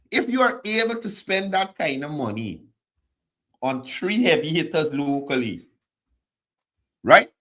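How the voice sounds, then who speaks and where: A middle-aged man with a Guyanese accent hosts a political commentary show. His voice is fairly high and sharp in tone as he mocks and fires off rhetorical questions one after another.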